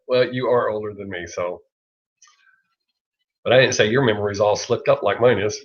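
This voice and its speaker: Speaking at a moderate pace with a fairly low pitch, this Southern American livestream host, a middle-aged man, rambles through a casual live chat. Swearing and frequent laughter fill it, all captured in dull, lo-fi audio.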